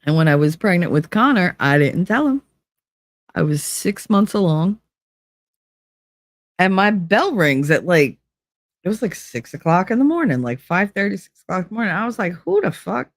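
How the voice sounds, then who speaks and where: A woman's voice: lowish voice, big pitch swings, normal speed, long pauses, no room sound. A woman casually telling a candid, profane personal story, acting out both sides of the conversation. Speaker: stream host.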